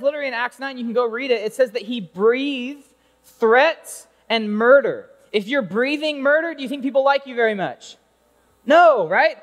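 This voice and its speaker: Male youth pastor, high voice, lively and conversational sermon, lots of rhetorical questions, big echoing hall.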